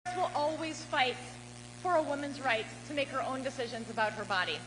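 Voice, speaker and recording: A woman's voice: high voice, expressive, quick pace. A woman from Wisconsin, a politician giving a rousing campaign rally speech and leading the crowd in call-and-response. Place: large hall at a campaign rally. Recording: reverberant hall with loud crowd noise.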